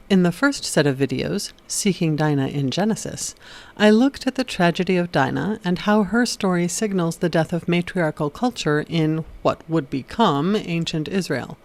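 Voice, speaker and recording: A woman hosting an educational video, reading a scripted narration in a steady explanatory way with occasional wry asides. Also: lowish voice. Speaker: video essay host.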